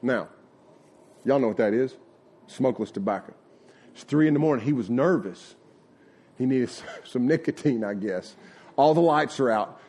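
A man's voice: mid-range voice, lively intonation, moderate pace, pauses often, a little mellow, breathy edge. A middle-aged man, preaching a sermon in a folksy, conversational way and acting out retold conversations. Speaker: pastor. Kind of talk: sermon with personal storytelling.

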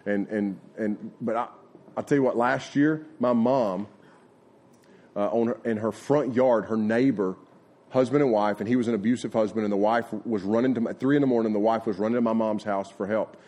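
A middle-aged pastor with a fairly low, warm voice preaches at normal speed. His sermon is folksy and conversational, full of personal stories and acted-out retold conversations.

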